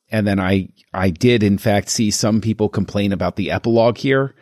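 Guy on a film podcast, lowish voice, dry close mic, gets animated. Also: dry recording. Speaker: podcast co-host. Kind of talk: casual chat.

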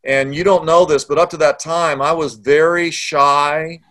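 Animated storytelling pastor, slightly high voice. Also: male voice, unhurried. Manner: animated storyteller acting out quoted dialogue. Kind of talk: storytelling interview.

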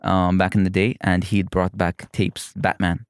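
A man from the Emirates with a fairly low voice talks loosely and playfully, breaking off and restarting his sentences as he goes. The recording is dry and close. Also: a little slow, clean tone, no room sound. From United Arab Emirates. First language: Evazi Persian. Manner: animated, restarts often, playful. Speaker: guest comedian. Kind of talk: casual interview chat.

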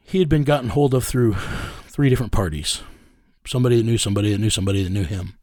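A man's voice: on the low side, rapid-fire, a little mellow, dry recording, clean studio sound. Blunt, profane man telling a story. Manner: blunt and profane, many fillers. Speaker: child recovery investigator. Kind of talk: storytelling in an interview.

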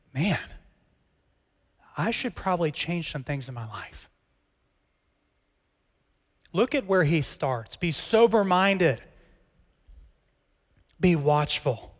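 A middle-aged male pastor preaching in a church hall, his fairly high voice carrying a long reverb tail. He talks conversationally and earnestly, drifting from soft, intimate asides to emphatic, pressing questions. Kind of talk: sermon.

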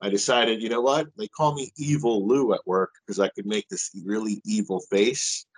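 Middle-aged man, animated storyteller. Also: lowish voice, moderate pace, low-quality recording. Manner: animated, lively storyteller who swears casually. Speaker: guest. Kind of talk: casual storytelling in an interview.

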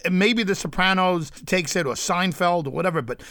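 Male host, upbeat, quick to chime in, dry close sound. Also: sits high, sharp tone, dry recording. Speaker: interview host. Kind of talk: casual interview chat.

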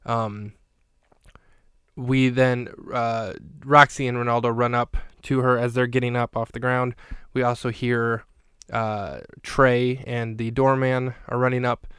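Male podcast host, casual film recap, chatty and rambling, flat delivery, clean dry recording. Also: medium pitch, measured pace, smooth, no echo.

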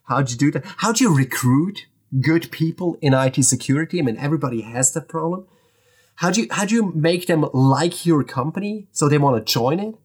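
Husky man chatting with frequent laughs. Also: a little high, animated. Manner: laughs often, halting restarts. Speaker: conference organizer, guest. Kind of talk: casual podcast chat.

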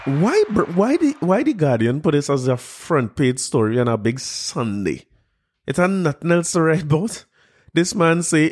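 A fairly high-voiced man, reading out a news story and ridiculing it line by line. His voice is incredulous and sarcastic, full of mocking questions. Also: expressive, normal speed, darkish tone. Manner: incredulous, sarcastic, laughing at what he reads. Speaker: commentator reacting to a news article.

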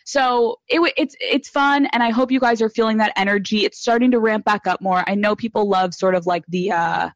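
A young woman hosting a casual podcast, telling stories fast with lots of swearing and voiced-out quotes. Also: mid-range voice, no room sound, dull audio. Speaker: podcast host. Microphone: studio microphone.

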